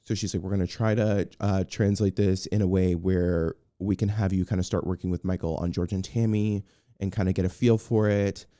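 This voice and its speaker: A man with a low-pitched, clear, resonant voice speaks briskly as a podcast guest, recounting a story casually. He's animated, voicing what people said and restarting often. The recording is dry and clean, studio-grade.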